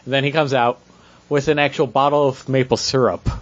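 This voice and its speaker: A man's voice: mid-range voice, little pitch movement, a little fast. A man in a casual brainstorming chat, working out a comedy sketch and slipping into jokey character lines. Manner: acts out lines in a put-on Canadian 'eh' voice. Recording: dull lo-fi recording, faint noise.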